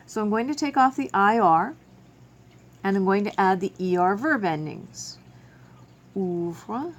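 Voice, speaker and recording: A woman of medium pitch, speaking at a moderate pace, walks students through a French verb lesson in a classroom video, taking each step patiently.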